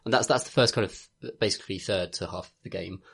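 Young guy rambling on a podcast, husky lowish voice, laughs a lot. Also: fast talker, a bit bright. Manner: rambling, laughing, lots of fillers and restarts. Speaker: podcast co-host. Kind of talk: casual chat.

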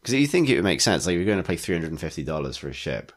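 A man with a low, deep voice talks in casual podcast chat. He rambles enthusiastically, full of likes and restarts, as a regular co-host. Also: sing-song, racing. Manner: rambling, enthusiastic, many fillers.

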